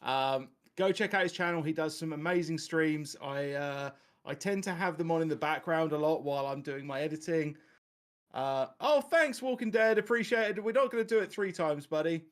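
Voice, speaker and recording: A man's voice: a little high, moderate pace. A man hosting a casual podcast, rambling and laughing as he chats about games. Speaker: podcast host.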